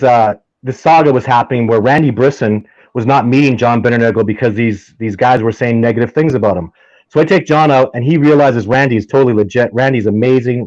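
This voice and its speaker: A guest on an interview, a man who researches Sasquatch, spins stories in a loose, excited way, restarting sentences and getting worked up. His mid-range voice is a bit mellow, recorded without echo and with the highs lopped off.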